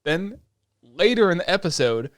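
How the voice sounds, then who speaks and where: A man's voice: high voice, moderate pace, no echo, studio quality. A man co-hosting a podcast, recapping shows in a casual, profane way, with lots of fillers and acted-out quotes. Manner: animated storytelling that acts out quoted lines. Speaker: podcast co-host. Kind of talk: casual chat.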